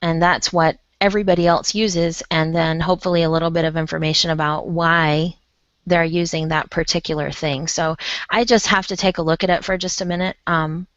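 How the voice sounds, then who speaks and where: A woman's voice: deep voice, fairly even intonation, brisk, no room sound. A woman hosting an online educator session, talking with effusive enthusiasm over a video call. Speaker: host and presenter. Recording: dull, dry video call audio.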